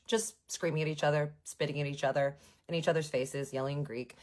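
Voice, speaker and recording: A woman telling a personal story in a casual, animated, sarcastic way, with frequent swearing. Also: sits low, brisk. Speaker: vlogger.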